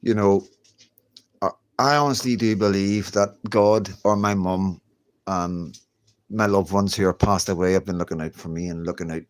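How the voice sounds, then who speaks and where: A man's voice: low voice, steady tone, moderate pace. Chatty man livestreaming. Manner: chatty, reassuring, keeps saying "you know what I mean". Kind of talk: casual livestream chat. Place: at home, indoors.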